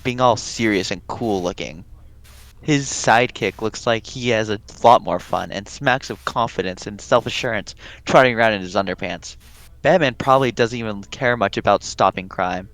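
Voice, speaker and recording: A man's voice: on the low side, moderate pace, fairly bright tone, no room sound, rough recording. A man casually reading a webcomic aloud in a group, playful and bantering, swearing now and then.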